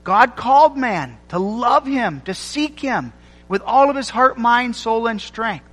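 High-voiced man preaching in a reverberant hall. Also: animated, fairly bright tone. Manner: emphatic, rhythmic repetition with dramatic pauses. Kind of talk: sermon.

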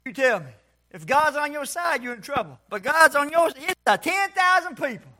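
A man preaching a sermon to a church congregation, folksy and calling for responses, sometimes shouting. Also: extremely high pitch, very animated, moderate pace.

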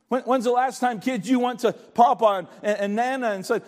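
An older man delivers a sermon with a high-pitched voice. He pleads with his listeners, often stammering and repeating phrases as he presses his point. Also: steady tone, fairly quick, few pauses. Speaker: pastor.

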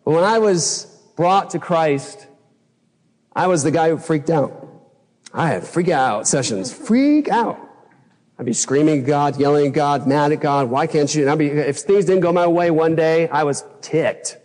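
Guy preaching a fired-up sermon, kinda high voice, long echo off the church hall. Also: steady tone, normal speed, a little mellow. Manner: impassioned preaching, acts out his own past outbursts in a raised voice. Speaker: pastor. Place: church sanctuary.

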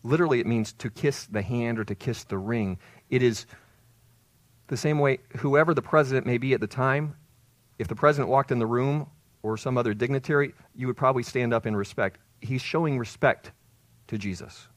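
A man's voice: mid-range voice, fairly quick, dry recording. A man preaching a sermon as pastor, explaining and retelling a story with emphatic swells on key words.

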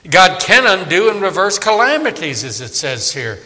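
A man's voice: high voice, moderate pace, in a large hall. A man preaching a conversational Bible sermon, often asking his listeners questions. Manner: animated, conversational, asks the audience questions.

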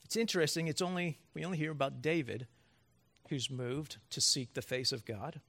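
A man's voice: fairly high pitch, normal speed, gravelly, a bit bright. A man preaching a sermon as pastor to his congregation, emphatic and building through rhetorical questions.

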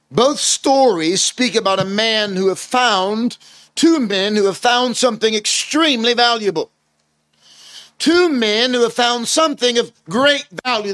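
A man's voice: a little high, a bit bright, no echo. A man preaching a sermon in an earnest, emphatic way, asking his listeners rhetorical questions.

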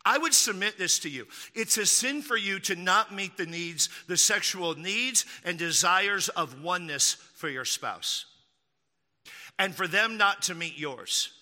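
Bright-voiced pastor preaching in a hall. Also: male voice, high-pitched, expressive. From Texas. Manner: emphatic, repeats key lines slowly, mocking asides. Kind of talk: sermon.

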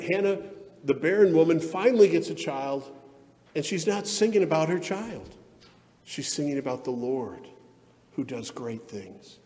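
A man preaching a sermon, his voice sitting a touch higher than most men's. He talks earnestly and emphatically, building to fervent peaks. The sound rings with a long reverb from a large hall. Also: animated, a little slow, warm tone. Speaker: pastor.

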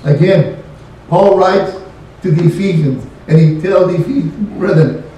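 A man's voice: high voice, measured pace, dark tone. A man preaching a sermon, emphatic and questioning, repeating key phrases to his congregation. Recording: very echoey room, voice from a distant mic.

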